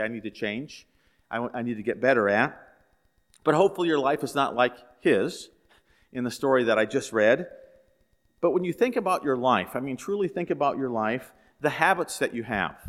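A man's voice: mid-range voice, fairly bright tone. A man pastor giving a sermon in a conversational storytelling way, asking the listeners questions. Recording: echoey hall.

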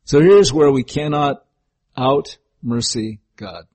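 A man's voice: medium pitch, lively intonation, slow, darkish tone, slightly rough. An older man preaching a folksy sermon, telling homely stories and sometimes acting out voices. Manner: folksy, storytelling, breaks into acted voices.

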